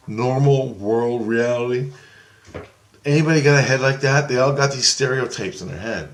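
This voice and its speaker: A man telling a dream story in a casual vlog, animated, swearing heavily and acting out what people said. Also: medium pitch, normal speed, slight background noise. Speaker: vlogger.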